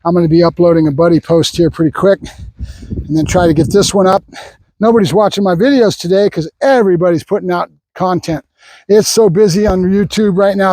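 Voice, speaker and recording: A man's voice: high voice, darkish tone, dry recording, low-quality recording. An older man, a professional dog trainer, talking through a training session in a rambling, opinionated way and breaking off now and then to praise the dog. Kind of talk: training vlog with running commentary.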